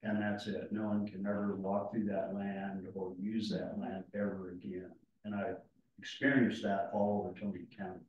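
A man's voice: sits low, completely flat delivery, normal speed. A man speaking up at a community meeting, plain-spoken and firm in his views. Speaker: resident giving public comment. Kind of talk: public meeting comment. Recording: distant, roomy, dull meeting-room sound.

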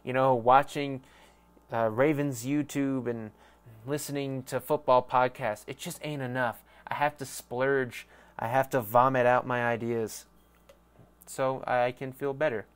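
A man's voice: medium pitch, fairly even intonation, a little slow, clear, resonant tone. A man hosting his own fan podcast, rambling through a casual solo sports rant with swearing and self-mocking asides.

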